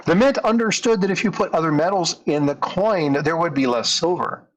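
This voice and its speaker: A man's voice: on the high side, moderate pace, rough recording. A man narrating a story in a conversational way, leaning into the dramatic moments. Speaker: storyteller, coin channel host.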